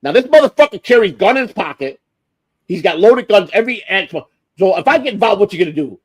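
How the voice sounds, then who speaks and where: A man's voice: sits high, sing-song, quick pace, slightly rough, dry recording. Guy on a livestream telling a long rambling story, swears a ton, voice jumps all over, dry close sound. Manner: profane, rambling storyteller with frequent restarts. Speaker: livestream host.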